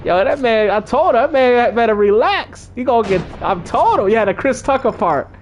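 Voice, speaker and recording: A high-pitched man with a very lively, swooping delivery tells a story casually to his stream, full of slang. He acts out the other people's lines with big leaps in his voice. Faint noise hums behind him. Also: normal speed. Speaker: gaming streamer.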